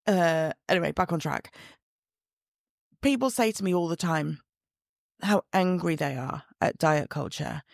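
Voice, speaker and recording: Woman, casual solo podcast, low gravelly voice, dry close sound. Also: measured pace, long pauses, no room sound. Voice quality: chatty, direct, laughs at herself. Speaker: podcast host and body image coach. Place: sitting at home, room lights only. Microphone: own podcast mic.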